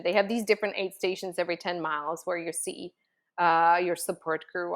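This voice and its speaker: A woman vlogger with a fairly high voice tells a personal story casually and animatedly. She uses many fillers and acts out her own thoughts.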